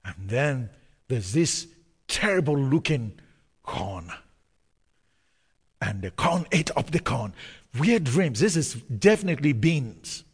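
A man preaching with a lively, swooping delivery, drawing words out slowly and breaking into sudden emphatic bursts. His voice sits a little high, and it rings out with a long reverb in a large hall. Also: slightly rough. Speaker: pastor. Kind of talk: sermon.

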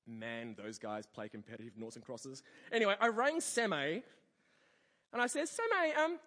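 This pastor's voice is mid-range and moves at a normal speed. He delivers a sermon as a story, animating the people in it with quoted voices, and the church hall gives the recording a long reverb.

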